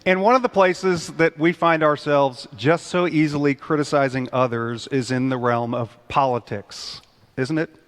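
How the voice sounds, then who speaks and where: A man preaching a conversational sermon in a church, animated and acting out people's outbursts. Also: a little high, moderate pace. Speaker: pastor. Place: church sanctuary. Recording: long church reverb.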